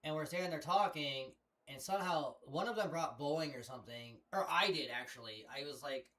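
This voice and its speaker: A man's voice: a little high, brisk, a bit bright, rough recording. A man streaming a game on a headset mic, telling rambling stories in casual chat, swearing freely. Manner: rambling profane storytelling. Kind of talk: casual chat while gaming.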